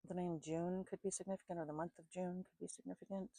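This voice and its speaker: A woman doing an intuitive psychic reading at home, calmly listing names and places she picks up, thinking aloud and a bit sleepy. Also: fairly low pitch, fast talker, dry recording, rough recording. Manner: calm, repetitive, thinking aloud. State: sleepy, yawning. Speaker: psychic reader.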